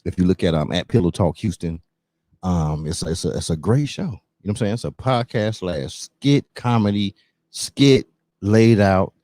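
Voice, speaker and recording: A man hosting a podcast, introducing his guest in a loose, energetic way with lots of fillers. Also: low voice, moderate pace, dry recording. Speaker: podcast host. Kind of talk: casual hype introduction.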